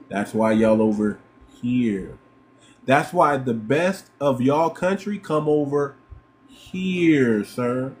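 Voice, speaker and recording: Slow and expressive, this medium-pitched American man comments on his livestream with emphasis. He goes over the same points again and again and fires off rhetorical questions.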